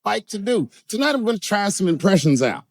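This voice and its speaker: A stand-up comedian telling profane stories on stage, his voice leaping from low mutters to high, loud bursts. The sound is dry and close, and his voice sits a bit high for a man. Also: sing-song, fairly quick, dry recording, rough recording. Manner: profane storytelling with wide swings in pitch and loudness.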